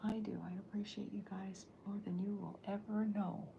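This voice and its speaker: A middle-aged woman artist talking softly during an ASMR livestream while she draws, chatty and rambling, often slipping into whispers. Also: medium pitch, flat delivery, normal speed, creaky, dull audio, noisy background. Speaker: artist streaming while drawing comics. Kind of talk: soft-spoken ASMR livestream.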